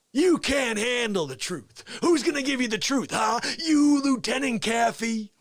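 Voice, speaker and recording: A man doing a snarling, gruff film-star growl. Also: extremely high pitch, no room sound, studio quality, full character voice. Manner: growling, clipped, shouting outbursts.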